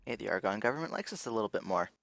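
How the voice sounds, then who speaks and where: A man's voice: lowish voice, animated, racing, creaky, a bit bright, no echo. A young man giving casual, rambling let's-play commentary as a gaming video host, thinking aloud and restarting his sentences.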